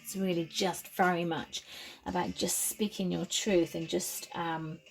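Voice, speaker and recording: A woman's voice: fairly low pitch, steady tone, a little slow, vocal fry, soft background music. British woman musing through a tarot reading. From United Kingdom. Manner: meandering and musing, with frequent fillers and soft laughs. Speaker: tarot reader. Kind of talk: casual intuitive tarot reading.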